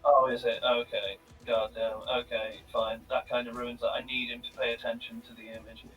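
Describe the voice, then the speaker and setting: A man playing a tabletop game, thinking aloud in a halting, casual way. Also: mid-range voice, level tone, a bit bright. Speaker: player. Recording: distant mic with faint music.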